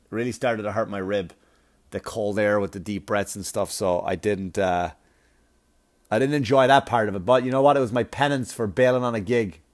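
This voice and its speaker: A man tells a comedic personal anecdote in a loose, storytelling delivery. He swears often and gets animated, laughing at his own jokes as he goes. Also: mid-range voice. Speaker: stand-up comedian. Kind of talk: comic storytelling.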